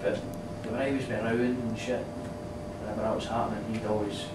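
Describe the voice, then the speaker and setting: A man's voice: lowish voice, flat delivery, fairly quick, distant mic, natural voice. A man playing a man who thinks he has died and who talks in a chatty, meandering monologue. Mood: rambling. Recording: echoey room from afar, hissy.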